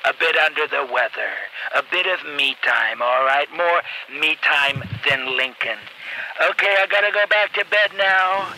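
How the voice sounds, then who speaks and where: A man's voice: fairly high pitch, normal speed, bright, forceful tone, a little hiss or hum, voice pushed up, rough recording. A man doing an impression of a boastful, blustering American president in a comedy sketch. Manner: bragging, self-assured, repetitive.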